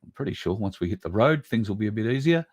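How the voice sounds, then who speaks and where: A man's voice: lowish voice, lively intonation, quick pace. A man hosting a livestream, ranting bluntly with swearing and reading out viewer comments. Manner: blunt, swearing, ranting with sudden loud bursts. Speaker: livestream host.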